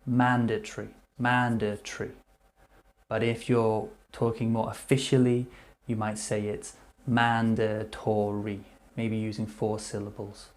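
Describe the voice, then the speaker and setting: A man teaching English vocabulary, repeating each word slowly and clearly before explaining what it means. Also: on the low side, little pitch movement, a little mellow. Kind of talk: slow vocabulary lesson.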